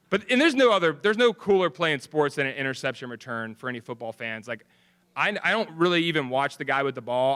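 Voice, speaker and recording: A man's voice: medium pitch, a bit bright, clear, resonant tone. A young man giving an earnest acceptance speech at an alumni ceremony, telling stories with easy chuckles and casual fillers. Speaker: alumni award speaker. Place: ceremony venue.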